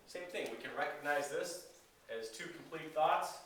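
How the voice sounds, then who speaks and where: A man, an English teacher, giving a recorded grammar lecture in a relaxed, explanatory way with frequent fillers. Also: a little high, moderate pace, slight background noise. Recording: very echoey room, voice from a distance.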